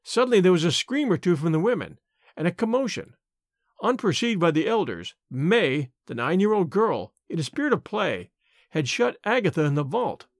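Guy reading an old short story, really animated, dry close mic. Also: high-pitched, moderate pace, no room sound. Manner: expressive, varied.

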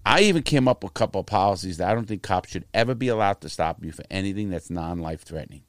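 Blunt, profane middle-aged American man for casual chat; low, animated voice, recorded dry and close. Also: quick pace, no echo. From United States. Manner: profane, blunt storytelling with lively quoted voices. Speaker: guest telling his life story.

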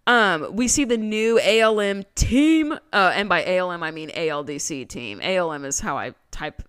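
A woman co-hosting a casual podcast, talking with a lively, swooping delivery and a smooth, clear tone. She recaps with sarcastic, slangy asides. Her voice sits close and dry, with no room sound. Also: lowish voice, moderate pace, no echo. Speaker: podcast co-host.

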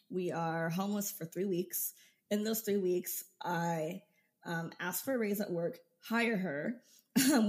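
A young woman in her twenties, a podcast guest and business coach, telling her own story in a lively way and laughing often. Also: lowish voice. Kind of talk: casual storytelling interview.

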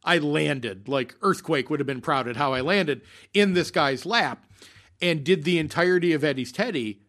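A man's voice: fairly high pitch, normal speed, fairly bright tone. A man telling a long theater story in casual podcast chat, rambling with many fillers and restarts. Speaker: podcast co-host.

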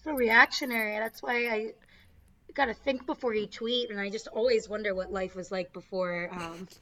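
A woman sports journalist in casual panel chat, animated, sarcastic and quick to laugh. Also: medium pitch.

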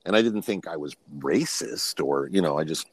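A man's voice: very deep voice, animated, normal speed, breathy edge, dry recording. A man in his fifties, a podcast guest, telling personal stories in a frank, rambling way and often restarting his sentences. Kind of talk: personal storytelling in casual conversation.

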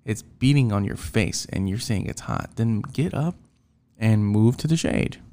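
Guy venting about work, gravelly dark voice, rambly and annoyed. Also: on the low side, animated, measured pace. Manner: rambling, frustrated, lots of fillers and restarts. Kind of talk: casual rambling rant.

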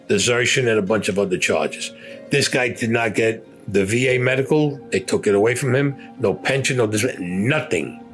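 An older man in his seventies, a war veteran bluntly recounting his experiences in rough, heavily profane storytelling. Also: mid-range voice, fairly bright tone.

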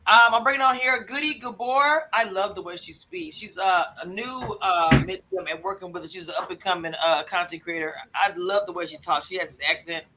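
A man hosting a live online panel, warmly and energetically introducing each guest in turn. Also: sits high, fairly quick, hardly any pauses, slight background noise. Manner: hyped, affectionate, introduces guests. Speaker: host.

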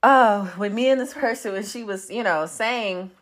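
A woman's voice: medium pitch, moderate pace. A woman hosting a casual podcast monologue, blunt and profane, laughing often as she talks. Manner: animated, swooping delivery. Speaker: podcast host.

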